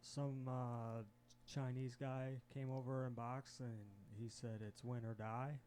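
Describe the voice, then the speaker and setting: A man's voice: mid-range voice, level tone, takes it slowly, a little mellow, slight background noise. A man in a casual podcast chat, telling a story in a plain, matter-of-fact way.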